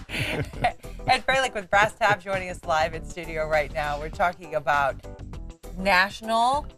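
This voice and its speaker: A woman anchoring a weekend morning newscast, reading stories briskly with chatty asides, from a TV studio. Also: fairly low pitch, lively intonation, a bit bright, soft background music. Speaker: news anchor.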